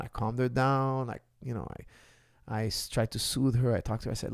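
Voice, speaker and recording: Gravelly-voiced coach in his forties. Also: mid-range voice, quick pace, dry recording, clean studio sound. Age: 40s. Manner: emphatic, keeps checking in with "okay?". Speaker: martial arts coach. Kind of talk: answering viewer questions.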